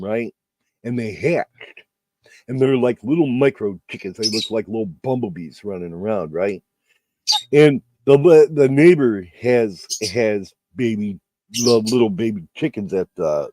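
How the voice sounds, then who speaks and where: A man's voice: fairly low pitch, dark tone, no echo. A man hosting a casual stream chat, telling a rowdy story with acted-out bits and swearing. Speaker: stream host.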